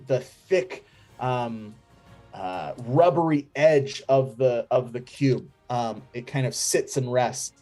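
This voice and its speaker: A game master narrating a tabletop game, describing scenes with many pauses and fillers. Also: medium pitch, warm tone.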